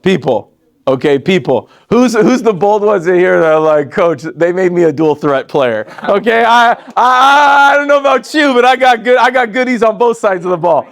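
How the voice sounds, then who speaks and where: A man in his forties running a live training session for a sales team, animated and joking, laughing often and talking straight to the room. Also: high voice, moderate pace. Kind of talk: live training talk to an audience.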